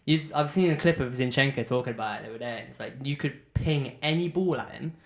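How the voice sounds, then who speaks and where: A man's voice: medium pitch, fast, creaky. A man, co-hosting a casual football podcast, enthusiastic and calling his friend "mate". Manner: chatty, says "mate" a lot, enthusiastic. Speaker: podcast co-host.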